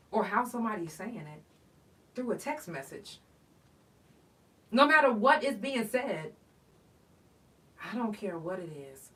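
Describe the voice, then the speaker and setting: Woman, podcast host, animated, swears, a bit distant from the mic. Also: medium pitch. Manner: animated storytelling, swearing, acting out texts. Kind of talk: casual solo chat.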